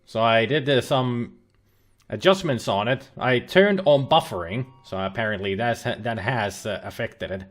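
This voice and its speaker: This man's voice is mid-range and moderately paced. He's a game streamer playing an adventure game live with a webcam and laptop, chatting and rambling loosely with lots of fillers and false starts.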